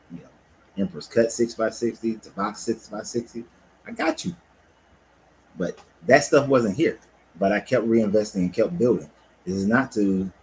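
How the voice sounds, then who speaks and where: A low-pitched man chats loosely and profanely from his cigar lounge, laid-back but animated. A faint hum of background noise sits under his voice. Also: rough recording. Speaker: life coach and cigar lounge owner. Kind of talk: casual livestream talk.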